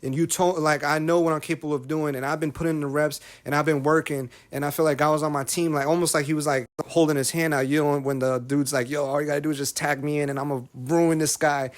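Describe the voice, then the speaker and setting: A man's voice: fairly high pitch, flat delivery, fast, hardly any pauses. A man in his thirties talking candidly as a podcast guest, emotional and preachy, often repeating phrases. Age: 30s. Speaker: guest, rapper and content creator.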